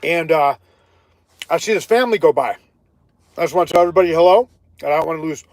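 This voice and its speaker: Animated man telling a story on a live stream. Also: on the high side, fast, no echo. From Ohio. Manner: animated, chatty, breaks off to greet viewers. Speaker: livestreaming vlogger.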